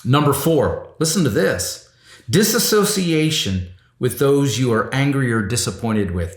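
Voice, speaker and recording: A man preaching a sermon, animated, who repeats his words and often asks "see?". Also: medium pitch, echoey room.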